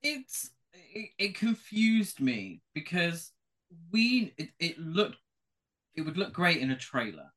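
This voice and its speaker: A man chats on a podcast in a lively, campy way, his voice swooping up and down. He takes his time over each phrase and is quick to giggle. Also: on the high side. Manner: animated, giggly, campy storytelling. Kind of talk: casual podcast chat.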